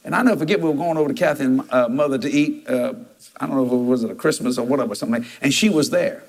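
A man's voice: medium pitch, rapid-fire, gravelly, a little mellow. A man, preaching a storytelling sermon and jumping into quoted voices with laughter.

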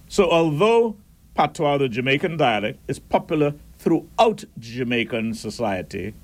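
Man, radio talk host, slow deliberate delivery, opinionated commentary, mid-pitched voice. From Caribbean. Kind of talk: unhurried radio commentary with listener messages.

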